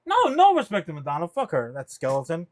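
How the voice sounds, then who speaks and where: A man with a high voice runs a loose pop-culture chat, animated and rambling. He swears freely and piles up fillers and restarts. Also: quick pace. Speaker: podcast co-host.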